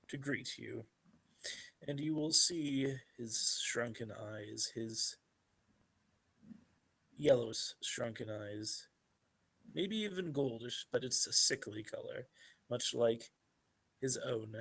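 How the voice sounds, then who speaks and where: A man narrating a tabletop game as game master, describing scenes slowly and deliberately. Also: medium pitch, creaky, pushed and bright, husky.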